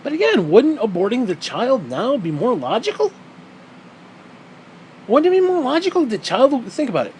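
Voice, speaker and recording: A man's voice: very high-pitched, very animated, moderate pace, pauses often, darkish tone, a little hiss or hum, rough recording. A man ranting in a profane, heated monologue, sarcastic and mocking, swearing constantly. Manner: mocks others in put-on quoted voices. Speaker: vlogger.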